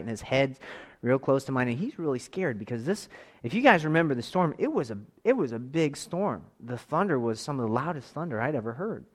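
A man in his thirties tells a family story in a loose, rambling way. He starts over often and slips into lively voiced quotes. His voice sits at an ordinary middle pitch. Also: in a large hall. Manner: rambling, animated, with quick restarts and voiced quotes. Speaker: father telling a church camp story. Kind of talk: casual storytelling.

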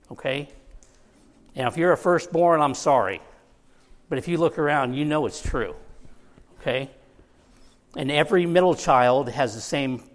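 A man preaching a conversational sermon as pastor, with joking asides to the congregation. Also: medium pitch.

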